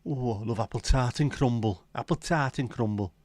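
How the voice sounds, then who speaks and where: A man's voice: medium pitch, moderate pace, a little mellow, no echo. A man hosting a casual livestream, rambling and joking with viewers and swearing casually. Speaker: livestream host. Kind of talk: casual chat reading viewer comments.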